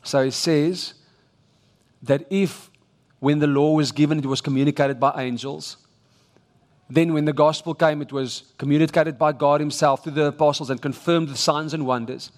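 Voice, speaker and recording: A man's voice: fairly high pitch, steady tone, moderate pace. South African man preaching in an echoing hall. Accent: South African English. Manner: emphatic, exhorting delivery with frequent restarts. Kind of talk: sermon. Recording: long reverb of a large church hall.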